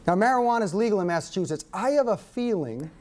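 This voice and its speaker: A man presenting a workshop lecture to an audience, an animated storyteller who repeats key points for emphasis. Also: sits high, fast talker, a little hiss or hum.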